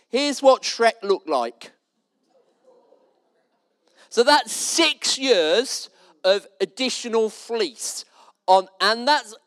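A man's voice: high voice, fairly bright tone. A man preaching a sermon in a church, conversational and storytelling, with light jokes.

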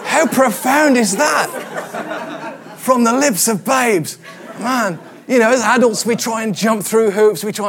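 A middle-aged man preaches in an easy, conversational way. His voice sits a little high and moves a lot. He tells stories and drops into softer voices to quote people. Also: expressive, a little slow, a faint crowd. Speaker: pastor. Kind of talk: sermon.

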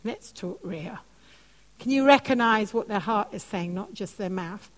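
A woman preaching and teaching on prayer, telling animated stories. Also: normal speed. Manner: animated storytelling, soft lowered voice for quoted comforting words. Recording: long hall reverb.

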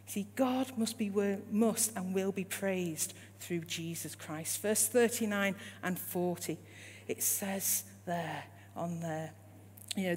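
A woman's voice: on the low side, slightly rough. A woman preaching a sermon in a church, repeating her points and asking the congregation rising questions. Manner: rising rhetorical questions, emphatic repetition. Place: church hall. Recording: long hall reverb with faint hum.

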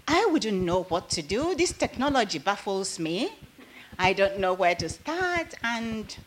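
A woman's voice: mid-range voice, rough recording. An older woman giving heartfelt thanks to God before her church group. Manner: heartfelt, grateful speech. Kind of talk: testimony in a prayer meeting.

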